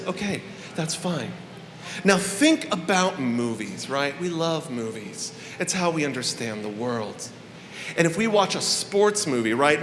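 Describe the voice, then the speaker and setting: A man's voice: fairly high pitch, bright, forceful tone, a little hiss or hum. A man hosting a live festival opening on a handheld microphone, addressing the crowd in a playful, profane, theatrical way. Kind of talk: live stage address to an audience. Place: live venue hall. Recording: echoey hall with faint room ambience.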